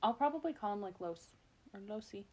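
A young woman hosting a podcast, chatting casually, giggling and animated. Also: medium pitch, brisk, slightly rough, lo-fi sound. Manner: giggly, animated, slips into voices. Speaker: podcast host. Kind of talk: casual chat.

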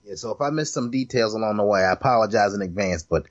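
A man's voice: fairly low pitch, quick pace, dry recording, lo-fi sound. A man co-hosting a movie podcast, talking casually with stammers and restarts. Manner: hesitant, stammers, laughs at his own jokes. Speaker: podcast co-host. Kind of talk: casual movie-review chat.

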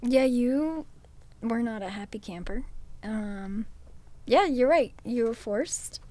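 A woman's voice: a little high, animated, takes it slowly, warm tone. A young woman chatting casually with her partner, playful and teasing, laughing easily. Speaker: partner in a couple's conversation. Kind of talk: casual chat.

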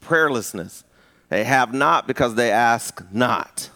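A man preaching a live sermon, conversational and full of restarts, rising to high emphatic peaks. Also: animated, slow, pushed and bright. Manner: conversational with repeated restarts and rhetorical asks. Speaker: pastor.

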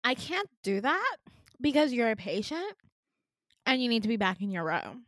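A woman's voice: a little high, animated, unhurried, no echo, studio quality. A young woman voicing a bored, snippy teenage receptionist girl who talks down in a curt, flippant way.

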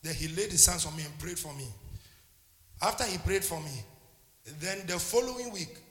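A man's voice: high voice, normal speed, fairly bright tone, echoey room, in a large hall. A man preaching a sermon as a pastor, impassioned and calling out to his congregation.

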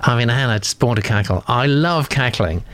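A man's voice: mid-range voice, expressive, normal speed, fairly bright tone. A man hosting a writing discussion in casual chat, rambling with many fillers as he reads out comments. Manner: rambling, filler-heavy, self-deprecating. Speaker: host of a writing critique show.

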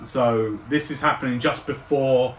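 A man's voice: medium pitch, steady tone, unhurried, a little hiss or hum. Roomy-sounding man running a tabletop game. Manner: descriptive, with frequent fillers. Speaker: game master. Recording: roomy, distant mic.

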